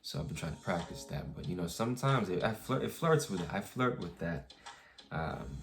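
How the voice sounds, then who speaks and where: A man's voice: low voice, sing-song, normal speed, soft background music. A young man telling a rambling, frustrated story about work in a casual vlog, with many restarts and some swearing. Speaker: vlogger.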